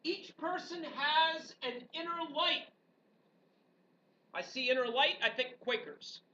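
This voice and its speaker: A woman history teacher giving an animated, joking classroom lecture full of rhetorical questions to her students. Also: high-pitched, slow. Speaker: high school history teacher. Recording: dull, distant classroom recording with faint background noise.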